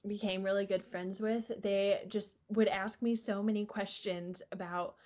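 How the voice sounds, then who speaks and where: This young woman, a guest on a podcast, rambles through anecdotes in easygoing chat, packing in fillers and laughing often. Her mid-range voice is a little mellow, a bit slow, and flat in delivery. The dull-sounding audio comes from a studio microphone in an air-conditioned recording room.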